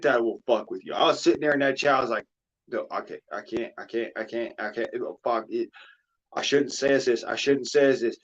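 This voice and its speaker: A man streaming a casual chat, talking emotionally in a rambling way, cursing often and repeating himself, with a drawl. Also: mid-range voice. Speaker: streamer hosting a chat panel. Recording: dull lo-fi mic.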